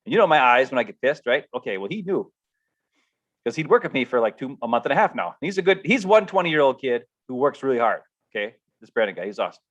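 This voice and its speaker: A middle-aged man telling a casual, animated story as a podcast co-host, acting out coworkers as he goes. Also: medium pitch, fast talker. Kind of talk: casual rant. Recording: dull lo-fi stream audio.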